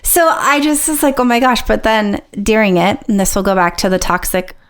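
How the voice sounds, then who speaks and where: A woman co-hosting a podcast in casual chat, animated and emotional, laughing as she talks. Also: mid-range voice, fairly quick, clear, resonant tone. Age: young adult or middle-aged, a mother. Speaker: podcast co-host.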